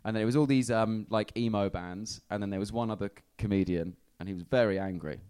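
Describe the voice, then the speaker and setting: A young man from England, a comedian guest on a live podcast, chatting in a wry, self-deprecating way and often trailing off into quiet asides. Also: lowish voice, quick pace, clean tone. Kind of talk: casual live podcast chat. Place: live venue in front of an audience.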